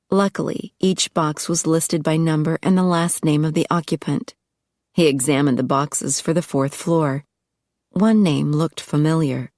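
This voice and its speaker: A woman reads an audiobook in a low, wry voice. The sound is dry and close, with no room around it. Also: a little mellow, no echo. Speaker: audiobook narrator. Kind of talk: scripted narration.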